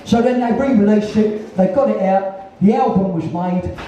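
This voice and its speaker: A man's voice: high-pitched, moderate pace, dark tone, muffled recording. Sweary Cockney man telling stories. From East London. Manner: swearing, rambling anecdotes, acting out other people's voices. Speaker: guest storyteller. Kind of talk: live on-stage conversation. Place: venue in front of an audience. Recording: roomy, distant, faint noise.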